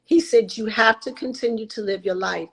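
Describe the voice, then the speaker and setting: A woman in her sixties, a guest telling her life story in an interview, animated and acting out the voices of people she quotes. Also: on the high side, normal speed, slightly rough, rough recording. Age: 60s.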